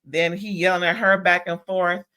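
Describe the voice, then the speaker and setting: A woman's voice: lowish voice, little pitch movement, normal speed, sharp tone. A woman from California giving sassy, opinionated commentary as she recaps a reality TV reunion in casual chat. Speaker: reality TV reviewer.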